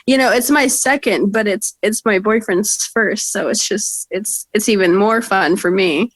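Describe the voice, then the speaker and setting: A woman's voice: mid-range voice, a little slow, dry recording. A young woman, a podcast co-host, telling stories in casual chat, swearing freely and laughing often. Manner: profane, laughing storyteller.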